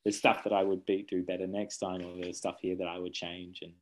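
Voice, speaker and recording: Man, thirties, low-pitched, rambling, self-correcting, laughs easily, author interview. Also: little pitch movement, fairly quick, rough recording. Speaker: children's book author. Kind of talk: casual interview chat.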